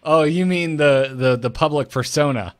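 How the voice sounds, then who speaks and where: A man's voice: a little high, moderate pace, no room sound. Playful young man, dry close sound. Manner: playful, jumps into silly voices and jokes. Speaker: podcast co-host. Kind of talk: casual podcast chat.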